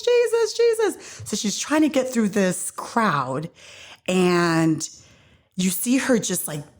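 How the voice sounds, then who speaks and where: A woman hosting a podcast, casually retelling a faith story with many fillers and acted-out quotes. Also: sits low. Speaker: podcast host.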